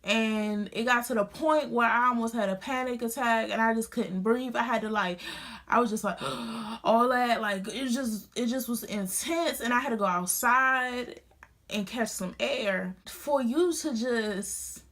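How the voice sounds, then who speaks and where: A woman's voice: fairly high pitch, measured pace, a bit bright. A young woman vlogger telling a painful personal story to a phone camera in casual, earnest speech full of restarts. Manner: earnest and emotional, many restarts. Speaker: beauty vlogger. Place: home studio.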